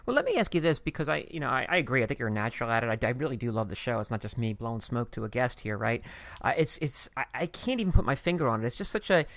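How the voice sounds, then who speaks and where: A man hosts a podcast interview and talks quickly and effusively. He strings his questions out into long run-on thoughts. The sound is dry and close. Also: mid-range voice, big pitch swings, a bit bright, no room sound. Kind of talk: casual interview chat.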